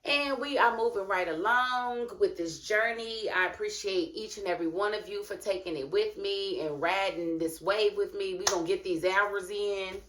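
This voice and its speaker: A woman's voice: mid-range voice, moderate pace, few pauses, reverberant, noisy background. A woman hosting her own channel, giving a casual, chatty recap and review of a TV episode and talking straight to her viewers. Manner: chatty, colloquial, talks straight to viewers as "honey" and "y'all".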